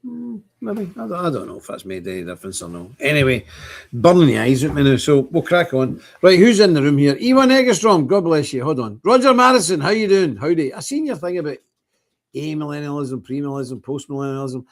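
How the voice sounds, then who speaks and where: An older man with a slightly high voice, talking into a phone camera on a casual livestream. He rambles from one thing to the next and greets viewers one by one as they arrive. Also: big pitch swings, a little fast. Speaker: livestream host. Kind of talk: casual livestream chat with scripture reading.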